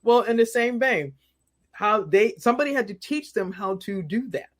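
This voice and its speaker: A man's voice: high voice, moderate pace. A man as an interview guest, talking casually and acting out the voices of people in his stories, often repeating words as he goes. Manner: animated storyteller who acts out quoted voices, repeats words.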